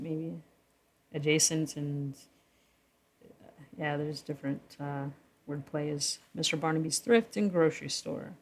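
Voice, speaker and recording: A woman talking through a story she wrote in casual vlog commentary, rambling, correcting herself and chuckling between thoughts. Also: deep voice. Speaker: writer explaining her own story. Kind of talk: casual vlog commentary reading from her draft.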